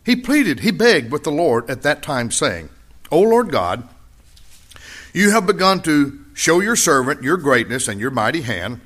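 Man preaching a sermon, voice jumps all over, big emphasis then hushed, says key lines twice. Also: sing-song, a little slow. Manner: dramatic, swings from loud high emphasis to quiet low asides; repeats key phrases for emphasis. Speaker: pastor.

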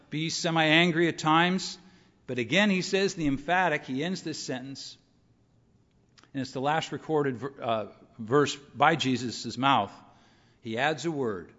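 A middle-aged man preaching a sermon in a conversational, measured way, asking rhetorical questions. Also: on the high side, fairly bright tone. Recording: muffled sound in a reverberant hall.

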